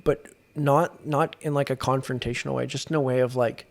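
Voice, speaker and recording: Man, young adult, podcast guest, earnest, restarts a lot, mid-pitched. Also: steady tone, a little fast, creaky. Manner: earnest storytelling with frequent restarts. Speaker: guest, exorcist. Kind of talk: casual podcast conversation.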